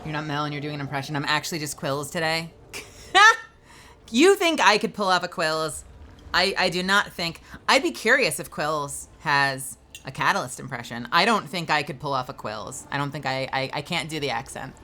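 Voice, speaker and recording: A young woman voice actor chatting casually on a live gaming stream, animated and quick to laugh. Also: a little hiss or hum. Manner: animated, laughs often, bursts into loud high outbursts.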